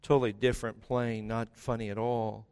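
A male pastor preaching a sermon with emphatic delivery, dramatic pauses and quiet, intense stretches. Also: mid-range voice, flat delivery, clear, resonant tone.

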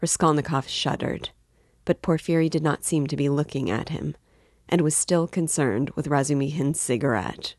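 A woman reading a classic novel aloud in steady, measured narration. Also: sits low, no room sound, studio quality. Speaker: book reader.

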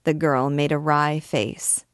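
A woman reading a classic novel aloud as a book guide, with a measured, expressive delivery. Her voice sits low and moves at an unhurried pace, and the recording is dry and close. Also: dry recording.

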